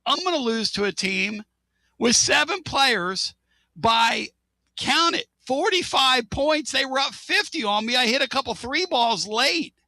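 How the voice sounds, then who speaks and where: A smug woman coach shrugs off a blowout in a high, swooping, sing-song voice, as a man mocks her. The words come slow and drawn out, dripping with sarcasm. The sound is close and dry. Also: lively intonation, pushed and bright, no echo, exaggerated voice. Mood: mocking.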